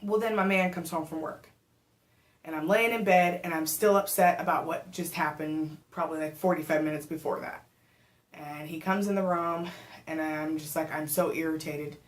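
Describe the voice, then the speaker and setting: Chatty pregnant woman, slightly low, echoey room. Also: normal speed. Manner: chatty, animated storytelling with many fillers. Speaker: vlogger. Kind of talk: casual storytelling to camera.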